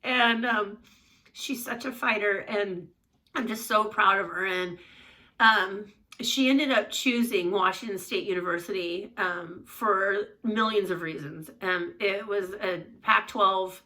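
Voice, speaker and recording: A woman's voice: medium pitch, slow pace, bright, forceful tone, far from the mic. A middle-aged woman, a mother, telling a personal story in a chatty, rambling way, acting out the voices in her quotes.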